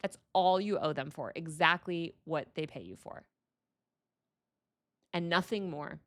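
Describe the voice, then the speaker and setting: A woman's voice: sits low, measured pace, a bit bright. A woman hosting a livestream, ranting in a heated, exasperated way and repeating phrases for emphasis. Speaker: livestream host.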